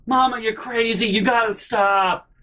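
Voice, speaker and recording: A man's voice: high-pitched, fairly even intonation, a little slow, pushed and bright, soft background music, pitched above the performer's own voice. A man voicing an anxious female dog who whines and pleads with her owner. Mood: pleading.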